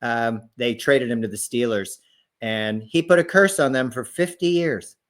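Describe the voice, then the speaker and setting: A man with a voice in the middle range talks about sports history in casual chat. He speaks haltingly, pausing often with fillers. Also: medium pitch. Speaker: podcast co-host.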